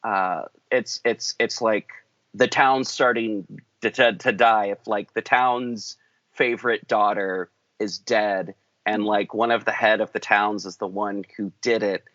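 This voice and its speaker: A man's voice: fairly low pitch, fairly even intonation, a little slow, fairly bright tone, dry recording. Man, podcast host, rambling casual talk, dull muffled recording, dry. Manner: rambling, thinks aloud.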